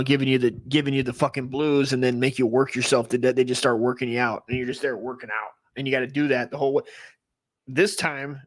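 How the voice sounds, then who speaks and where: A man's voice: medium pitch, fairly bright tone. Profane rambling male storyteller. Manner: profane, rambling, full of fillers; earnest when he gets serious. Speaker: comedy podcast host. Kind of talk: casual storytelling.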